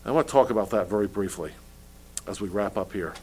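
A man's voice: fairly low pitch, fast, a little mellow, breathy edge. Man preaching with pressing questions. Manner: preaching with rhetorical questions and repeated restarts. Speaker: pastor. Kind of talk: sermon.

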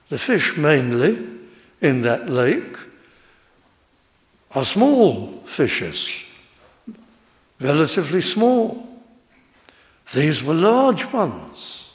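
Man preaching, slow and measured, slightly high voice, long hall reverb. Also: wildly swooping pitch. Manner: slow, deliberate Bible exposition with rising emphasis. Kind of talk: expository sermon.

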